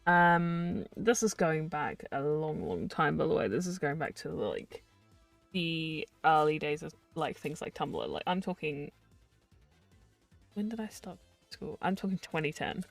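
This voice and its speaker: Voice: medium pitch, very animated, a little slow, gravelly, soft background music. A streamer in their twenties, chatting casually on a live stream in a rambling, filler-heavy way with frequent laughs.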